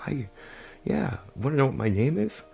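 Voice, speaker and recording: A man voicing a small, nice but slightly deceitful male halfling thief, speaking softly and in a friendly way. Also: mid-range voice, big pitch swings, moderate pace, gravelly, breathy edge, soft background music, pitched above the performer's own voice, exaggerated voice. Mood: sly, friendly. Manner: soft, friendly and a bit deceitful. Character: soft-spoken sly male halfling thief.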